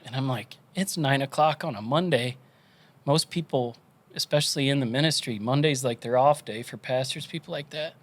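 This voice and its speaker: A man on a podcast telling his conversion story in an earnest, animated way, moved to tears. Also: mid-range voice, normal speed. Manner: earnest, animated storytelling with quoted inner voices. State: tearful, crying. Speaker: podcast guest.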